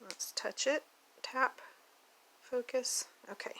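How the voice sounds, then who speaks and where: A woman from Oklahoma with a light Oklahoma accent and a gravelly edge to her voice, gushing in a chatty, unhurried way while unboxing at her table at home. A clear hiss sits under the home recording. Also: sits high, pushed and bright, low-quality recording. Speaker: doll collector vlogger. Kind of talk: casual unboxing vlog.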